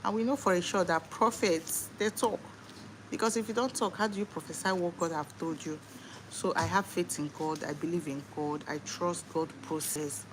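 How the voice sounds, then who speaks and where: Earnest Nigerian mom on a noisy livestream. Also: female voice, lowish voice, steady tone, moderate pace. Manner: earnest, faith-filled talk. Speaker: livestream host. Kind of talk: casual livestream chat. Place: home.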